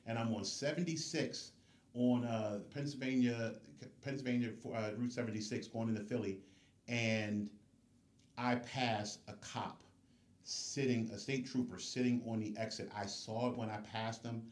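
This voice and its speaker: A man telling a personal story in casual conversation as a podcast guest, animated and acting out the people he quotes. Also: medium pitch, moderate pace, roomy sound. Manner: lively storyteller who acts out the voices of people he quotes.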